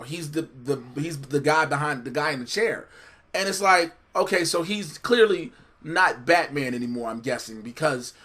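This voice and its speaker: A man co-hosting a casual review chat, animated and profane, joking and telling the story scene by scene. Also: a little high. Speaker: co-host reviewing a TV episode.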